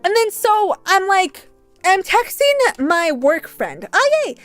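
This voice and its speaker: A young adult woman streamer chatting casually and telling a rambling, animated story, swearing freely as she goes. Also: extremely high pitch, takes it slowly, no room sound, soft background music. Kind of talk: casual livestream chat.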